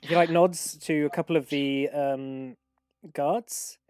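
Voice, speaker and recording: A man narrating a tabletop game as game master, relaxed and rambling, with many fillers. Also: a little high, slow pace, clear, resonant tone, no room sound, clean studio sound, soft background music.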